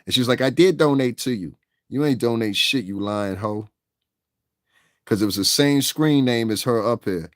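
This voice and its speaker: A man with a somewhat low voice rants on his livestream, angry and combative, swearing freely. The sound is dry, with no room echo. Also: moderate pace. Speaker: livestream host. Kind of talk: casual livestream rant.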